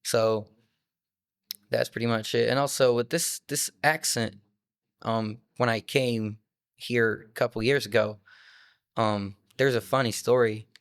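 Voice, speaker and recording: This young man from France, a native French speaker, chats in an easy, rambling way and leans on fillers as he talks. His voice sits at an ordinary male pitch. The sound is close and dry, with no room echo. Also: steady tone, measured pace, long pauses, clear, resonant tone. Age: 20s. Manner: loose, rambling storytelling with many "like" fillers. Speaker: musician guest. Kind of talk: casual interview chat.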